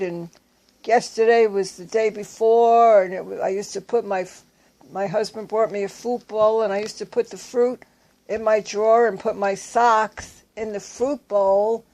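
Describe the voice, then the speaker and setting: A woman's voice: mid-range voice, mellow. An older woman telling her own story in a casual, rambling way, with fillers and self-corrections. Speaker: storyteller recounting her past. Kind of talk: casual spoken recollection.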